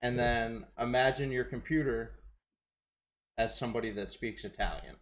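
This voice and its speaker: A man's voice: mid-range voice, moderate pace. Teasing man explaining things plainly. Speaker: podcast co-host and streamer. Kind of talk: casual chat, explaining.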